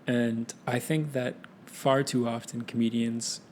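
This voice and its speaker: A man's voice: medium pitch, level tone, unhurried, a little mellow, slight background noise. A young man hosting a casual solo podcast, rambling and correcting himself as he thinks aloud. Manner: rambling, self-correcting, laid-back. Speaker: podcast host.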